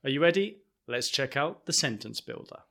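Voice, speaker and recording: A man's voice: mid-range voice, expressive, normal speed, vocal fry. A man teaching an English lesson, explaining carefully and repeating each example sentence.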